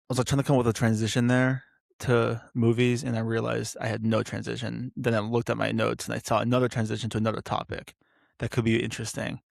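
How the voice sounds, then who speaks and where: A man's voice: mid-range voice, gravelly, no room sound, clean studio sound. A young man hosting a solo podcast, rambling and interrupting himself with lots of fillers. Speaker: podcast host.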